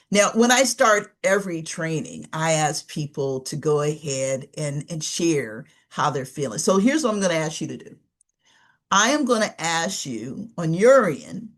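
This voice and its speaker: A woman giving a live webinar training, talking in a conversational teaching manner and often checking in with "right?" asides. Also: mid-range voice. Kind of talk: live online training presentation.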